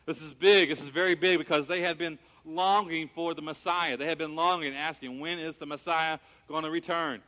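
A man preaching a sermon, animated, acting out scenes with quoted voices. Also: a little high, brisk. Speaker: pastor. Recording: long reverb of a large hall.

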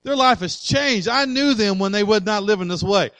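Male pastor, passionate sermon delivery, slightly high-pitched, builds to loud declarations. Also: normal speed, no room sound, poor audio.

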